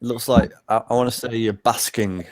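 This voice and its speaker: A man's voice: medium pitch, fairly even intonation, a little fast, darkish tone. A man chats casually, hesitating often and restarting his sentences. His voice sits in a dead, dry space with no room echo. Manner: hesitant, many fillers and restarts. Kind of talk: casual chat.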